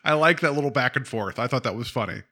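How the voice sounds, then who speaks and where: Bright-voiced man chatting on a podcast. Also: medium pitch, animated, fast talker, husky. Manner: chatty, laughs often, acts out quotes. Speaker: podcast co-host. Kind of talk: casual chat recapping a TV episode. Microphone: video call.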